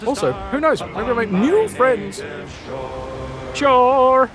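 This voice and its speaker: A man with a high, lively voice that jumps around a lot, chatting loosely and joking with viewers while he plays a game. His talk wanders playfully from one aside to the next, and game music plays clearly behind him. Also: moderate pace. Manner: playful, rambling, answering chat. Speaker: game streamer. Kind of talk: casual live-stream chat while gaming.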